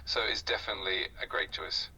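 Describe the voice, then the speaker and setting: Male AI tutor, low-pitched and breathy, patient and upbeat, sounds far off the mic. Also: brisk, pushed and bright, slight background noise. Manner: polite, encouraging, with frequent "uh" fillers. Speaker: AI conversation partner.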